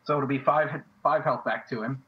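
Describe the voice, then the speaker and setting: A man playing a tabletop role-playing game, calmly stating his moves. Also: medium pitch, moderate pace. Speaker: player. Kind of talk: casual tabletop play. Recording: dull lo-fi mic with faint noise.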